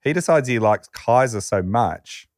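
A man's voice: mid-range voice, unhurried, no room sound, studio quality. A man on a podcast telling a story in casual chat and quoting the people in it. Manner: lively storyteller, quotes characters. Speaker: podcast co-host.

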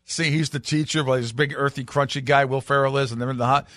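A man's voice: mid-range voice, steady tone, fast, fairly bright tone, dry recording. Dry-voiced man chatting on sports radio. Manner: rambling storyteller, playful banter. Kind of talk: casual chat.

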